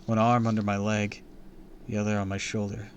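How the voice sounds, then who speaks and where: A man reading a spooky children's story aloud on a live stream, with an expressive, theatrical delivery. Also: lowish voice, brisk, dull audio, slight background noise.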